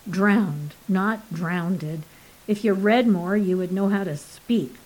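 A woman's voice: medium pitch, takes it slowly, a little mellow, low-quality recording. A woman doing a blunt, sulky young man in a storybook reading. He is brash and crude when he speaks.

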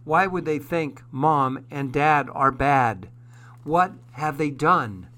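A man's voice: fairly high pitch, slow. A man voicing an eager, pleading little boy in a read-aloud storybook. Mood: hurt. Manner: excited, pleading. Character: eager little boy who loves skirts.

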